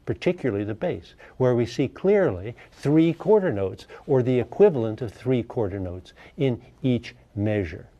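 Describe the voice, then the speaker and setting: A man's voice: mid-range voice, normal speed, hardly any pauses, long reverb tail, highs cut off. A man teaching a music class, asking the students questions and humming rhythms to show the beat. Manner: lively, asks questions, hums rhythms. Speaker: music lecturer. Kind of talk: classroom lecture.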